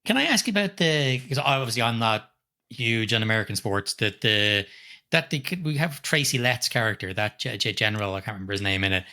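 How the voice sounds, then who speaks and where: Middle-aged guy rambling thru a movie review, quick and kinda sharp-toned, swears a lot. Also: lowish voice, lively intonation. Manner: rambling, restarts often, swears casually. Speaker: podcast co-host. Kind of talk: casual film review chat.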